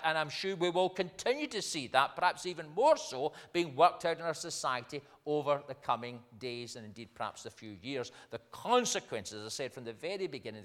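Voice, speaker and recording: Older minister giving a sermon, chatty then emphatic, voice a bit high, long echo in the church. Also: male voice, a bit bright. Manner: conversational preaching, rising to emphatic points.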